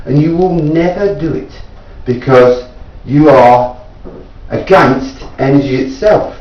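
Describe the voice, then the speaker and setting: A man from England makes an insistent, repetitive appeal to anyone watching, his fairly high voice climbing as he pleads. He sits some way from the mic in an echoey room at home. The recording is dull and lo-fi. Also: distant mic. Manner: insistent, repetitive, rising in pitch when pleading. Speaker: self-taught inventor. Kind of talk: earnest appeal to viewers. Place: indoors at home.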